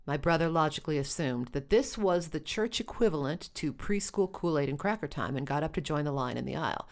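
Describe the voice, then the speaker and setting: A woman telling a first-person story with wry, dry humor. Her voice sits low. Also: animated, a little fast.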